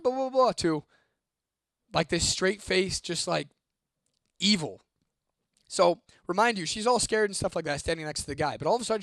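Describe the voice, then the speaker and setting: A young male host narrates a spooky story for his viewers, cursing freely, staying animated, and reading a viewer comment aloud. His voice is a little high for a man, recorded dry and close with no room echo.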